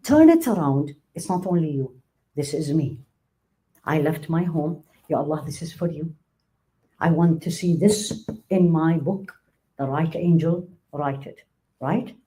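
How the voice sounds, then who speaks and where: Middle-aged woman teaching faith class, warm low-toned voice, acts out quotes. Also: a little slow, a little hiss or hum, low-quality recording. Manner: animated, acts out quoted speech, laughs often. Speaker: Islamic teacher. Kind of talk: religious lecture to a live class.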